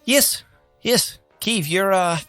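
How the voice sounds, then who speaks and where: A man's voice: high voice, takes it slowly, bright, forceful tone, faint music behind, pitched above the performer's own voice, heavily acted. A man voicing a jittery young starship engineer who stammers and repeats his words. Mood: flustered.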